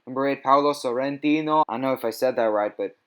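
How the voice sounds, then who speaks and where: A man's voice: mid-range voice, fast talker, smooth. A man casually running through his film award predictions in a vlog, enthusiastic and opinionated, with frequent fillers. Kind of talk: casual ranked-list commentary.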